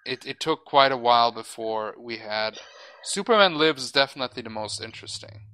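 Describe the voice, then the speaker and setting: Bright, crisp-voiced man ranting casually. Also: medium pitch, a little fast, low-quality recording. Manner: rambling, opinionated, frequent restarts; swears casually. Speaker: podcast host. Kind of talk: casual chat.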